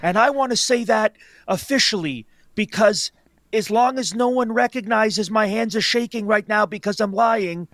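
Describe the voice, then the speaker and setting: A man's voice: sits high, normal speed, a bit bright, no echo. A co-host, a man, putting on a sarcastic, swaggering impression of a male official with a New York accent. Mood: mocking.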